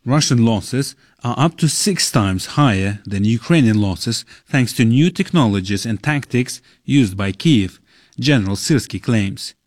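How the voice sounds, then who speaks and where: A male correspondent reading a steady, matter-of-fact news report. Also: medium pitch, no echo, studio quality.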